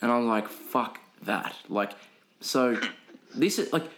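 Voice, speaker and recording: A man's voice: medium pitch, lively intonation, moderate pace. Aussie young bloke on a podcast, swears a lot, acts out other people's voices in his story. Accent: Australian. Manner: profane storytelling with mimicked voices. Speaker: podcast co-host. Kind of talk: casual chat.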